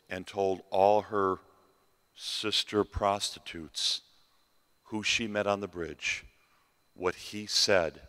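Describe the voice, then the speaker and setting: A man telling a dramatic story as a festival sermon, pausing and repeating phrases for effect. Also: on the low side, a bit bright. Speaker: festival speaker. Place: large hall at a festival. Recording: reverberant hall.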